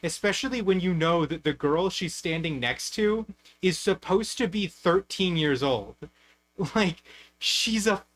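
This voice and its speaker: A young man talks his way through an anime review on a stream. His voice sits a little high, and he rambles with plenty of fillers, restarts and casual swearing. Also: expressive, measured pace, a bit bright, slight background noise. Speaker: streamer host.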